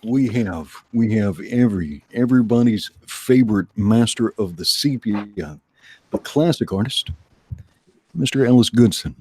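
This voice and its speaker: A man's voice: lowish voice, expressive, unhurried, darkish tone, husky, dry recording. A man hosting a live art stream, joking dryly and reading out viewer messages. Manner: dry joking, reads viewer messages aloud. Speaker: show host. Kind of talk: casual livestream banter.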